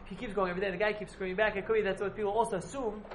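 A man's voice: high voice, fairly even intonation, rapid-fire, a little hiss or hum. A man teaching a casual Talmud class to a few students, rambling and repeating himself as he explains. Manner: rambling, repeats and hedges often. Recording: echoey room.

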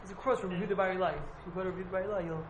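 A man's voice: high-pitched, fairly even intonation, racing, highs cut off, noisy background. A man teaching a casual Talmud class to a few students, rambling and repeating himself as he explains. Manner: rambling, repeats and hedges often. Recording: echoey room.

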